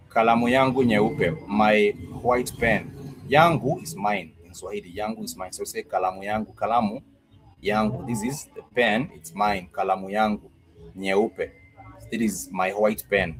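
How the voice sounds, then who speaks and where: A man teaching a language lesson online, patiently repeating each phrase slowly so learners can follow. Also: fairly low pitch, poor audio. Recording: steady background noise.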